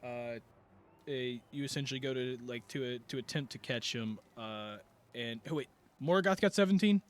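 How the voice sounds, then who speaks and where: A man's voice: medium pitch, normal speed, slight background noise. A man narrating a tabletop game as game master, rambling through the scene with many fillers and restarts.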